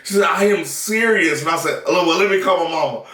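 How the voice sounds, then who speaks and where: A man's voice: on the high side, very fast, fairly bright tone. A man from the South, telling a story in a casual vlog chat, laughing and swearing freely. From Southern United States. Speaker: vlogger, new father. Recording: echoey room, mic at a distance.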